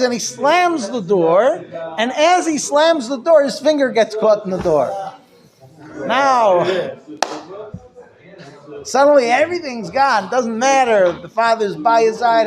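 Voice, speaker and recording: A man teaching a Torah class as a rabbi, animated and conversational, acting out little scenes in different voices. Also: extremely high pitch, unhurried. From Israel-based.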